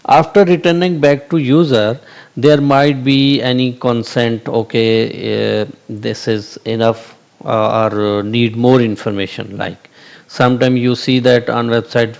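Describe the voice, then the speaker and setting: Man, tutorial host: halting delivery, frequent fillers, mid pitch. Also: darkish tone. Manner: hesitant, many fillers and restarts, repeats "okay". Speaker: channel host explaining AI concepts. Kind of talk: whiteboard tutorial, unscripted.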